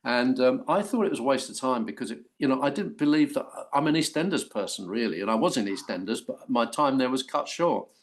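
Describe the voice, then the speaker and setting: An older English actor telling stories in an interview, animated and full of restarts. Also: male voice, medium pitch, brisk, few pauses. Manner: animated storytelling with many restarts. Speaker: actor guest. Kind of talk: anecdotal interview.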